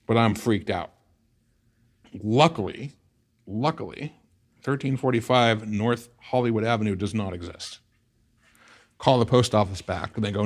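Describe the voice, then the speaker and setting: A man's voice: moderate pace, long pauses. A middle-aged man from the San Fernando Valley, a guest telling a story in an interview and acting out old conversations with big jumps in his voice. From the San Fernando Valley, California. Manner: animated storyteller acting out past conversations, voice jumping high in excitement.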